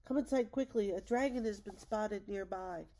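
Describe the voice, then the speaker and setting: A woman voicing a calm noble mother in a read-aloud storybook, speaking firmly and steadily. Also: mid-range voice, normal speed, close to an everyday voice.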